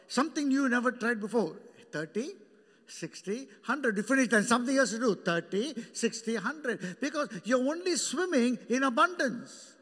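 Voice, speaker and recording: A male pastor preaching a sermon, animated and joking with the congregation by name. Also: very high voice, normal speed, in a large hall. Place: church hall.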